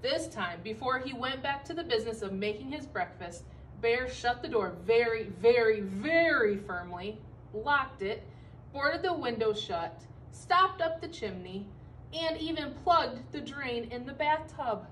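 A woman teacher reads a picture book aloud for children, expressive and stopping to point things out along the way. Her voice is somewhat high. She is heard from a distance, with faint background noise. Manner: expressive, pausing to comment for young listeners.

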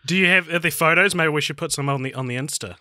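A man's voice: a little high, fast talker, bright, forceful tone, no room sound. A man from New Zealand co-hosting a podcast, chatting casually with dry, teasing jokes. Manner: joking, rambling, dry teasing. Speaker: podcast co-host.

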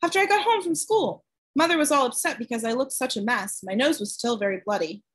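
A woman reading aloud, voicing a small, frail boy who talks quietly and earnestly and is short of breath. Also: high-pitched, animated, brisk, husky, voice pushed up, poor audio. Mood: breathless.

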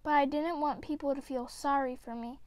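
A woman reading a children's picture book aloud, with gentle, expressive storytelling. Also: high voice, moderate pace, no echo. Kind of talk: read-aloud storybook narration.

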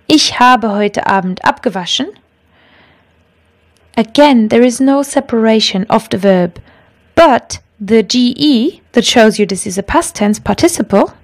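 Clear-voiced woman teaching grammar. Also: on the high side. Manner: clear, patient explanations with spoken examples. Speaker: language teacher. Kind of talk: explaining German grammar lesson.

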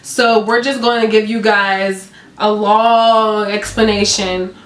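Excitable teen girl, echoey room. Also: medium pitch, slow. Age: teens. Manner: gushing, excitable storytelling. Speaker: co-host of a vlog channel. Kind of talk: casual chat. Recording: roomy echo, faint background music.

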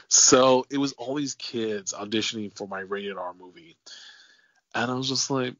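Male podcast host, low-pitched, animated storyteller who curses casually, dull lo-fi dry recording. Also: fairly quick, no echo. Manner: animated storyteller, swears freely, acts out quotes. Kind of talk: casual interview chat.

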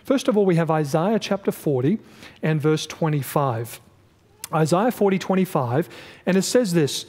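Brief: male pastor, higher-pitched voice, emphatic class teaching, long church reverb. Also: expressive, normal speed, darkish tone. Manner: emphatic, asks the class questions. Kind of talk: Bible study lesson.

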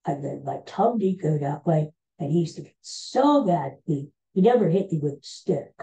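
A man's voice: a little high, expressive, normal speed, warm tone, low-quality recording. A man in his sixties hosting a podcast in casual chat, rambling and hesitant with many filler sounds. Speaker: podcast host.

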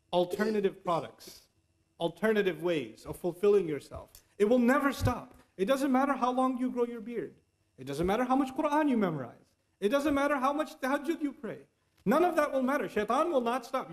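A man giving an earnest, conversational sermon, now and then reciting Arabic verses. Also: high-pitched. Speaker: Islamic preacher.

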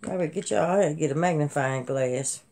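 A woman's voice: low voice, fast talker, mellow. A woman hosts a live jewelry sale. She talks to her viewers in a chatty, folksy way, calling them y'all, and sounds like she is at home with them. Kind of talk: casual live-stream selling with Bible trivia.

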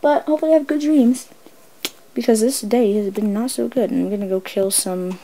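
Excitable woman chatting through gameplay. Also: on the high side, moderate pace, poor audio. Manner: excitable, chatty, coaxing her pet in the game. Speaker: let's play host. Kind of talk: casual gameplay commentary.

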